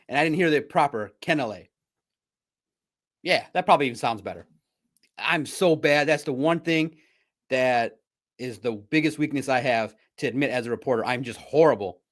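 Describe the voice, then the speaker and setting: A man's voice: medium pitch, a bit bright. Rambling self-deprecating male sports host. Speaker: sports podcast host and reporter. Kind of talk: casual livestream sports chat.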